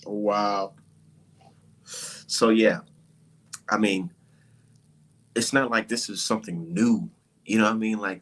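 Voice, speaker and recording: Heated, husky man ranting. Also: fairly low pitch, normal speed, pauses often. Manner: profane, mocking, switches to whispery mock voices. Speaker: boxing commentary vlogger. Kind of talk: heated casual rant.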